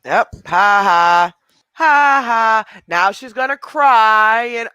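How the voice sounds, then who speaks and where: A woman's voice: fairly high pitch, a little slow, bright, forceful tone, clean tone, no room sound. A woman giving blunt, mocking reaction commentary on a livestream.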